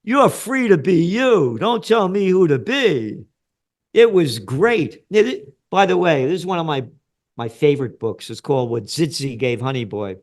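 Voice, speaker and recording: Blunt new york guy in his 70s, kinda high voice, swears a lot. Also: expressive, normal speed. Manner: blunt, emphatic, swears freely. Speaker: guest. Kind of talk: conversational interview.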